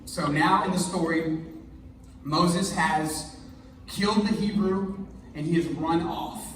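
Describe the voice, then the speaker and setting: Male pastor, high voice, lively and joking in a sermon; echoey hall, picked up from a distance. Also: takes it slowly, a little hiss or hum. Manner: energetic, conversational, jokey. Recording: echoey hall, mic far off.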